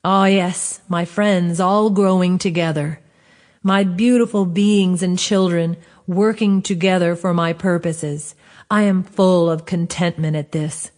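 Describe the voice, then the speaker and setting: Lion, a wise and contented great lion from a storybook, speaks calmly and gently, as a woman reads his lines. The voice stays close to the reader's own, with only a light touch of character. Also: on the low side, unhurried, in a large hall, close to an everyday voice.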